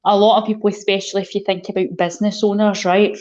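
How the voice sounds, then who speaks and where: A woman's voice: medium pitch, little pitch movement, fast, a little mellow, highs cut off. A Scottish woman who coaches people on mental health, talking reflectively in a casual podcast chat.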